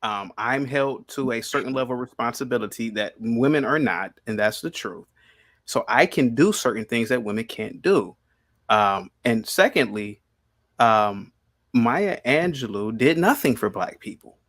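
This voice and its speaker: A man's voice: medium pitch, lively intonation, normal speed, fairly bright tone, no room sound, studio quality. A man hosting a podcast in a heated debate, arguing and pressing his questions over and over. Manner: argumentative, repeats questions insistently. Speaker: podcast host. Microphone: studio microphone.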